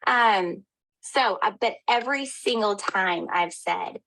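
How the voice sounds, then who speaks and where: A woman's voice: mid-range voice, slow, creaky, fairly bright tone, rough recording. A woman, a health coach giving an upbeat, encouraging pep talk to her team. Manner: upbeat, encouraging, addresses listeners as y'all. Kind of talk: motivational team call.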